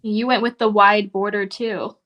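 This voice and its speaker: A woman's voice: mid-range voice, little pitch movement, measured pace, lo-fi sound, slight background noise. A woman guest on a crafting show, thinking aloud about her choices as she works. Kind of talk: casual crafting chat.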